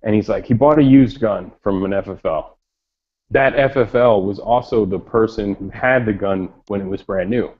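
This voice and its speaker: A man telling a story in a casual chat, animated and swearing freely. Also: on the low side, normal speed, slightly rough. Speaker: chat participant. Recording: lo-fi online voice chat.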